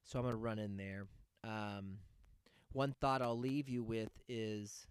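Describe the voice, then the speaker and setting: A man's voice: fairly low pitch, fairly even intonation, measured pace, clean tone, no room sound, studio quality. A man hosting a podcast, going on a sarcastic, profane rant in a casual monologue. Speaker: podcast host.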